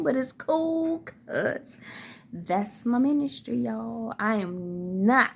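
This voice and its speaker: A woman's voice: fairly high pitch, animated, takes it slowly, vocal fry, slightly rough. A woman giving a casual spiritual tarot and oracle card reading, who laughs often and breaks into song.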